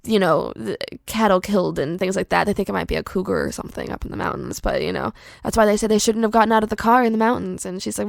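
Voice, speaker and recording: Young podcast host lady, gravelly voice, rambling chatty storytelling, dry close sound. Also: mid-range voice, quick pace, hardly any pauses, dry recording. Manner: chatty and animated, lots of "like" fillers. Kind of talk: casual storytelling pitch.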